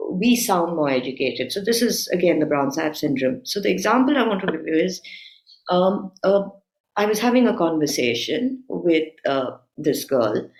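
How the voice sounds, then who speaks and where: In an echoey room, a woman with a fairly low voice appears as a guest commentator in a talk-show conversation. She argues her points assertively, her voice rising with emphasis.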